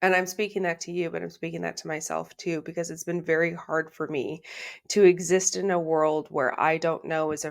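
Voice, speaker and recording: A woman hosting a solo podcast, talking to her listeners in a heartfelt, reflective way and repeating phrases for emphasis. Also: sits low. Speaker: podcast host.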